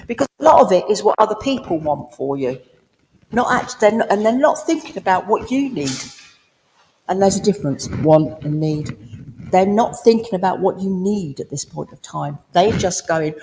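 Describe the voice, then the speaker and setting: A woman's voice: mid-range voice, lively intonation, moderate pace, mellow. Woman medium in an echoing hall. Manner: chatty, down-to-earth, addresses listener directly. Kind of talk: spiritualist mediumship reading. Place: village hall. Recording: long hall reverb.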